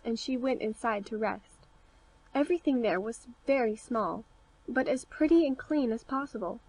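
A woman narrating a fairy tale audiobook with a clear, steady read-aloud delivery. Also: on the high side, low-quality recording. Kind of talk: scripted storybook narration.

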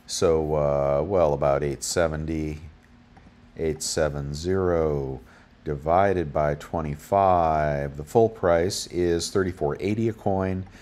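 A man's voice: extremely low pitch, takes it slowly, a little mellow. A man hosting a bullion deals show, giving casual, rambling market commentary full of fillers as he reads off prices.

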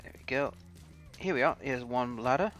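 A let's play host with a mid-range, fairly bright voice chats at normal speed while playing a video game, with game music underneath. He talks casually to the characters and grumbles now and then with some mild swearing.

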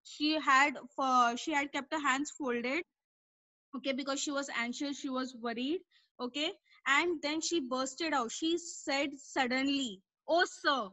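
High, bright-voiced teacher. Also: female voice, steady tone, a little slow, dry recording, rough recording. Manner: explains word meanings patiently, repeating herself. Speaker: English teacher. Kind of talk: online class lesson explaining a story.

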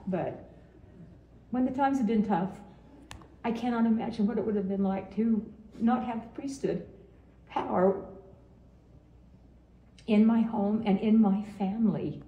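A woman's voice: mid-range voice, measured pace, long pauses, echoey room, dull audio. A woman in her seventies from Utah, giving a heartfelt farewell message to her grandson, earnest and often repeating her phrases. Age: 70s.

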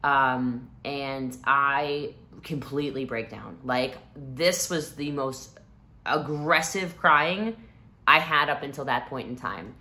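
Woman, 30s, low pitch, punchy tone; expressive vlog storyteller, big swings in volume. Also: slow pace. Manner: animated and expressive, swinging from hushed to loud, breaks into laughter. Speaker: vlogger. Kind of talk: emotional personal storytelling to camera.

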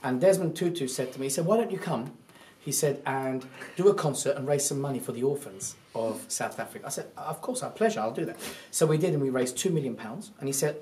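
A man telling a rambling stand-up anecdote in a deadpan, offhand way. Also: mid-range voice, fast talker, hardly any pauses. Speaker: comedian.

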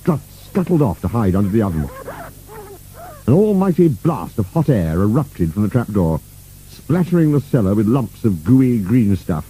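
Warm husky low man reading a storybook, lively swooping delivery. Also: moderate pace, slight background noise, rough recording. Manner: expressive, playful reading. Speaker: narrator. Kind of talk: storybook narration.

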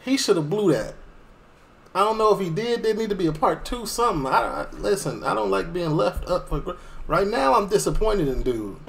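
A young man from Chicago reacting to a music video in loose, slangy talk. His voice has a gravelly fry and swings up and down a lot, and he laughs easily as he comments. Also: sits high, fairly quick. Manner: animated, slangy, laughs often. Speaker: reaction channel host.

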